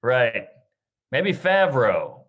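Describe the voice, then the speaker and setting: A man chatting over drinks in a wry, laid-back way, slipping jokes into the talk. His voice sits at an ordinary middle pitch. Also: big pitch swings, drawn-out words, narrow, tinny audio. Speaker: podcast co-host. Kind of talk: casual drinking chat.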